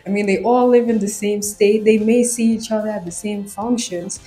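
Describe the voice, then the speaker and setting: A woman co-hosting a vlog, giving her calm, reflective view. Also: mid-range voice, normal speed, soft background music. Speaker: co-host. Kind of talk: casual commentary. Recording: roomy echo.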